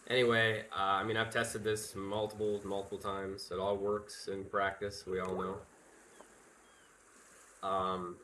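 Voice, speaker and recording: A man's voice: lowish voice, completely flat delivery, a little slow, pushed and bright, slight background noise. A man commentating his live speedrun, nervous and apologetic, stammering and restarting his sentences.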